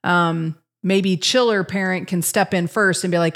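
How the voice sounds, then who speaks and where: A woman's voice: on the low side, fairly even intonation, measured pace, fairly bright tone. A middle-aged woman co-hosting a podcast, talking candidly in a casual way and laughing at herself now and then. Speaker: podcast co-host, parent.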